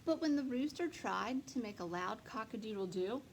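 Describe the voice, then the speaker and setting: A woman librarian reading a picture book aloud to young children, slowly and expressively. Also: fairly high pitch, a little hiss or hum, poor audio. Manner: slow, lively, expressive, speaks to children. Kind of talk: storytime read-aloud.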